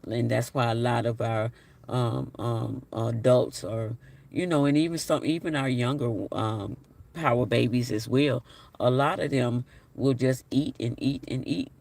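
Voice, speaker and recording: A man's voice: medium pitch, steady tone, a little slow, gravelly, darkish tone, distant mic. A man hosting a casual live stream, chatting and reading viewer comments aloud with an apologetic manner. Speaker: livestream host.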